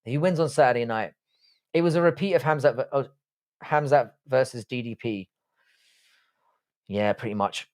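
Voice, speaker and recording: A man with a Southwest London accent runs a casual live stream, chatting loosely with his viewers. His talk is full of teasing banter and swearing, in a mid-pitched, everyday male voice. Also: normal speed, long pauses, a little mellow. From England. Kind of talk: casual live-stream chat reading comments.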